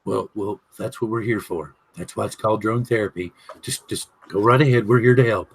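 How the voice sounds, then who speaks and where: A man's voice: lowish voice, brisk, slight background noise. A man with a Southern drawl hosting a live drone chat stream, rambling, joking and reading the chat aloud. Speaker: podcast host.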